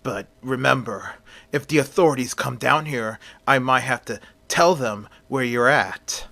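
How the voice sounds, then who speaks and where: A man's voice: medium pitch, a little slow, vocal fry, bright, forceful tone, exaggerated voice. Sly old rat catcher, taunting, a man plays him.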